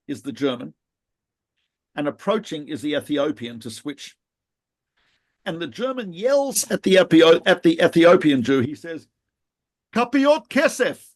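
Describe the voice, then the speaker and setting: Lively middle-aged man telling army stories. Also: on the high side. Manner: animated anecdotes with laughs and restarts. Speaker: podcast co-host, rabbi. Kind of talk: casual storytelling chat.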